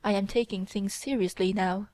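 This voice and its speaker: Cold, contemptuous young mistress read by a woman, commanding tone, mid-pitched, dry booth sound. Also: fairly even intonation, moderate pace, a little mellow, dry recording, natural voice. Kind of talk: audiobook character reading.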